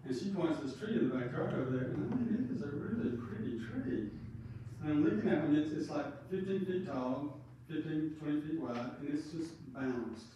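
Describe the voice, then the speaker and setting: A man's voice: on the high side, expressive, a little fast, dark tone, a little hiss or hum. A man giving a rambling, anecdotal eulogy at a funeral home. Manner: rambling, anecdotal, with frequent fillers. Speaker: funeral speaker. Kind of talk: folksy eulogy storytelling. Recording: very echoey room, distant mic.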